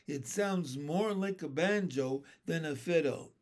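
A man voicing a gentle old grasshopper. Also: fairly high pitch, slow. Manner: kindly, lecturing, proud. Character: old green male grasshopper, gentle and wise.

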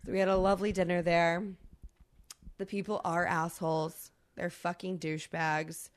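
Speaking at normal speed in a lowish voice, a woman co-hosting a podcast shares a travel tale. The chat is casual and animated, packed with fillers and unrestrained swearing.

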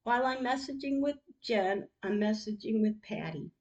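A woman's voice: a little high, animated, normal speed, a little mellow, dull audio. A woman hosting her own podcast, reading out her text messages in an emotional, heartfelt way. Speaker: podcast host.

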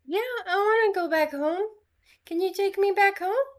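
A woman's voice: very high voice, moderate pace, pitched above the performer's own voice. A woman voicing a small talking kitten creature, a childlike and grateful little beast in a tabletop game.

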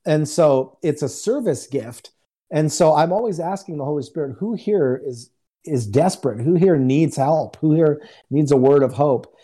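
Mellow-voiced man telling a testimony. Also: a little high, normal speed, slightly rough. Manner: conversational, acts out dialogue in quotes. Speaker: guest minister. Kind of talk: storytelling testimony.

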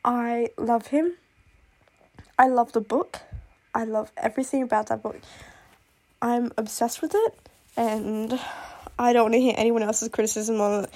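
A woman's voice: fairly high pitch, fairly even intonation, measured pace, pauses often, dark tone. Gushing young woman, sick and coughing. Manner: gushing and rambling, full of "like" and "oh my god". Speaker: book vlogger. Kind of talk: casual chat.

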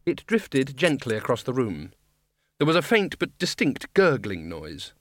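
A man reading a comic fantasy audiobook in a dry, measured storytelling manner. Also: mid-range voice, wildly swooping pitch, no echo. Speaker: audiobook narrator. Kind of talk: scripted narration.

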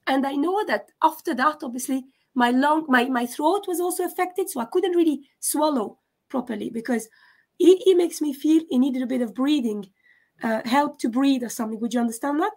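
A woman giving a live mediumship reading, halting and often stopping to check in with questions. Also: sits high, a little mellow. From France. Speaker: psychic medium.

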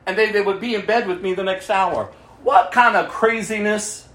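High-pitched guy preaching his testimony, all fired up, then drops real low and quiet, echoey room. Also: expressive, normal speed. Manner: fervent, swings from loud exclamations to low hushed tones. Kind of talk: impassioned testimony sermon.

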